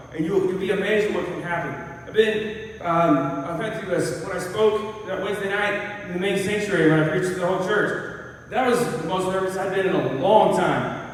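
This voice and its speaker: A man, a college pastor, giving an earnest, animated, conversational sermon with lively storytelling. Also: high voice, a little hiss or hum. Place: church hall. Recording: echoey hall, mic far off.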